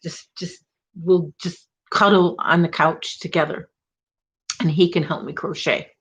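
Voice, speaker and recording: A woman's voice: fairly low pitch, steady tone, a little slow. A woman hosting a crochet livestream, chatting casually and rambling with viewers, full of "like" and "oh my gosh". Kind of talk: casual chat with live viewers.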